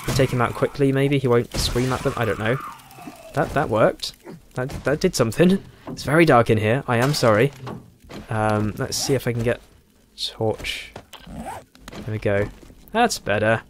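A man giving casual let's play commentary, thinking aloud and chuckling, with a hoarse voice and a frog in his throat. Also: mid-range voice, moderate pace, pauses often, slight background noise. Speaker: game streamer.

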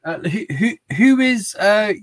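A middle-aged man talks casually as he streams old games. His voice sits a little high, and he rambles, restarts his sentences and cracks jokes at himself. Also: lively intonation, measured pace, low-quality recording. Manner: rambling, stumbling restarts, jokey. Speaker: streamer playing retro games. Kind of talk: casual livestream chat.

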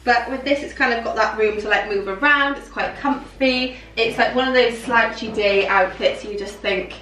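A young woman chatting casually and excitedly through a clothing haul vlog, with plenty of fillers. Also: on the high side, normal speed, hardly any pauses, far from the mic. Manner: chatty, gushing, filler-heavy. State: out of breath. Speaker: fashion vlogger. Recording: echoey room, voice a little off-mic.

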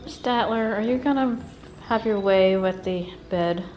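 Woman, unhurried cooing pet talk, half-whispered, mid pitch. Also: darkish tone, a little hiss or hum. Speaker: cat vlogger. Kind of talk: casual talk to pets. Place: cat café.

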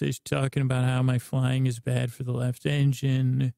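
Rambling, gravelly man telling a sleep story. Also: monotone, moderate pace, warm tone, no room sound, studio quality. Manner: meandering, stammering, low-key. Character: downcast male spaceship pilot writing to a pen pal. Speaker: podcast host and storyteller.

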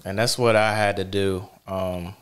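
A man hosting a podcast, talking in a relaxed, reflective way with many fillers. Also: sits low, measured pace, smooth. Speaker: podcast host. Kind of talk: casual chat.

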